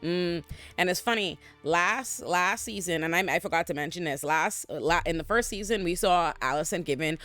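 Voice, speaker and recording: A man hosting a casual TV episode recap from a hotel room, ranting in an animated, exasperated and profane way. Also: on the high side, moderate pace, soft background music. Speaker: TV recap host.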